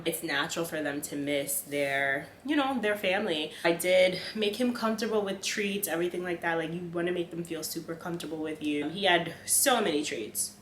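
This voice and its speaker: A young woman vlogger chats casually to camera, sharing tips and talking to her dog, with lots of fillers. Her voice is lowish and fairly bright, recorded in an echoey room with faint room noise.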